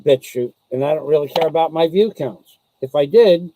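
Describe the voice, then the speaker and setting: A man's voice: on the high side, moderate pace, dark tone, a little hiss or hum, poor audio. A man vlogging to camera, ranting with sarcasm in a casual way.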